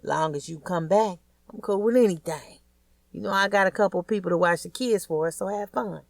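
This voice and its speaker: A woman's voice: on the low side, normal speed, vocal fry, no echo, studio quality. Woman doing a cocky older rich man. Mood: teasing. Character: boastful older rich man, teasing, joking.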